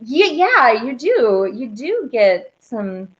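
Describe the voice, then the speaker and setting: A woman's voice: a little high, sing-song, slow pace. A woman from Oklahoma with a Southern accent, a singer and host chatting casually with viewers between songs and answering their comments. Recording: lo-fi with ukulele playing. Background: ukulele music.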